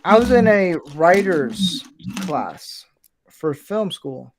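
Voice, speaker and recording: A man's voice: high-pitched, sing-song, takes it slowly, slight background noise, poor audio. A man hosting a casual build stream, telling a rambling story with frequent swearing. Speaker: streamer building a brick toy set. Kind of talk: casual chat while building.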